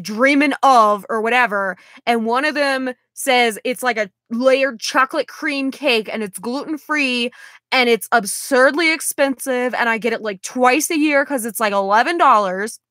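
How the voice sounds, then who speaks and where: A woman's voice: on the high side, bright, forceful tone, no room sound, studio quality. A young woman rambling in a casual vlog, exasperated and sighing as she talks. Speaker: vlogger.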